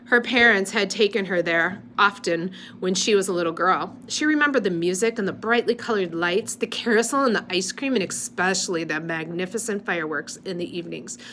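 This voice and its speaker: A woman reads a novel aloud at an ordinary pitch. Her delivery is unpolished, and she stops now and then to fix her slips. A faint background hiss sits under her voice. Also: a little fast, hardly any pauses, bright, forceful tone. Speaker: reader.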